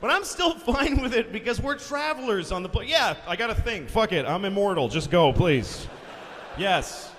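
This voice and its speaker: A man telling a stand-up story, animated and profane, often shouting his punchlines. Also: high voice, brisk, few pauses. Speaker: stand-up comedian. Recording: reverberant live venue, faint hiss.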